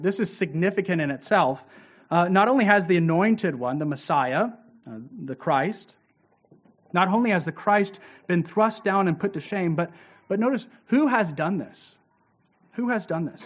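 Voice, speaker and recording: A man with a notably high voice delivers a scripture lecture, stressing key words and tagging points with a quick "right?". The recording sounds dull and lo-fi, as if the top end were muffled. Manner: emphatic, often asks "right?". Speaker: Bible teacher.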